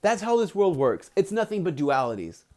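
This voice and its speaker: A young man on a livestream, retelling a book chapter in a casual, animated way, filling it with "he's like" and acting out the quotes with big jumps in pitch. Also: moderate pace. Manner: many fillers like "he's like". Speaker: streamer reading a book aloud.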